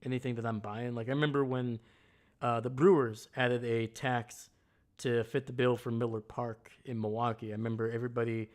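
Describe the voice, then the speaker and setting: A man's voice: mid-range voice, level tone, a little fast. A man hosting a casual live stream, ranting bluntly and heatedly about sports. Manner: greets chat viewers loudly. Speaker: livestream host.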